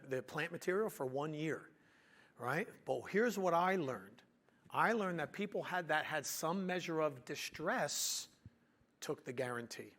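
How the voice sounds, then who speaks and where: A man telling a business story in an animated way, acting out what people said to him. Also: a little high. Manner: animated, acts out quotes. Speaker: business owner and speaker.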